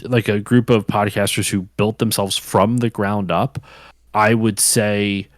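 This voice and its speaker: A man's voice: lowish voice, level tone, a little slow, no echo. A man hosting a podcast in casual chat, rambling with lots of fillers and restarts. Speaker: podcast host.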